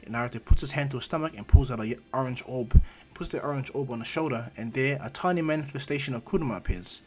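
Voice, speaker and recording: A man narrates an improvised fan story in a loose, rambling way, often stopping to correct himself. His voice sits at an ordinary middle pitch. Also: fast talker, a little mellow.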